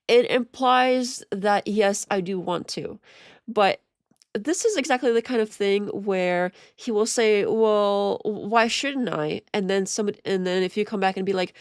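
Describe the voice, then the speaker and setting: Woman streamer, gravelly fry in her voice, dry close-mic sound, rambling reaction commentary. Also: mid-range voice, normal speed, no room sound. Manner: rambling, exasperated, with self-interrupting restarts. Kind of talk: casual live-stream commentary.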